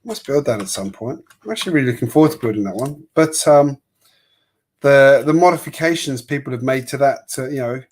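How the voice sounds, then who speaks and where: This is a man in casual livestream chat, voice sitting at a middle pitch. He rambles through opinions as he builds. Easy laughs break up his talk. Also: expressive, a little fast, darkish tone. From Sydney, Australia. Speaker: livestream host building a toy kit.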